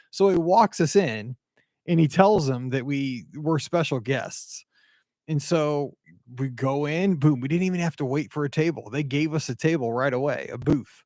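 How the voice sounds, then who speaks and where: A middle-aged man from the American Midwest, hosting a podcast and telling a rambling, animated story full of asides and quoted dialogue. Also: fairly high pitch, normal speed, no echo, studio quality. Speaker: podcast host. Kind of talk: casual storytelling monologue.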